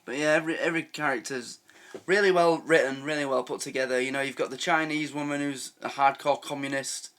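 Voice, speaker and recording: A man's voice: medium pitch, fairly even intonation, fairly quick, fairly bright tone. A man giving casual, chatty reaction commentary on a sitcom, laughing often and restarting his sentences. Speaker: reaction video host.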